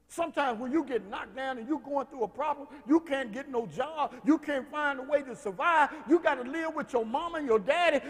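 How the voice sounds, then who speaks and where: A man pastor preaching a sermon in a folksy way, swinging from hushed talk to shouts. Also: very high-pitched, long reverb tail.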